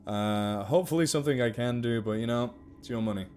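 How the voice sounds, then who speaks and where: A man's voice: medium pitch, fast talker, darkish tone, slight background noise. A man chatting casually on a live stream, giggly and rambling.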